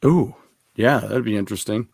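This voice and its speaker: A man's voice: fairly low pitch, moderate pace, vocal fry, a little mellow, slightly rough, dry recording. Casual male co-host, rambling and chatty, dry close sound. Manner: chatty, rambling with many fillers. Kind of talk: casual stream chat.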